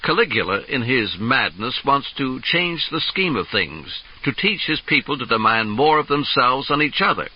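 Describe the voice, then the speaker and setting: A man's voice: medium pitch, very animated, normal speed, hardly any pauses, husky. A man voicing a middle-aged male actor in an earnest, defensive way, on a dull lo-fi 1970s tape.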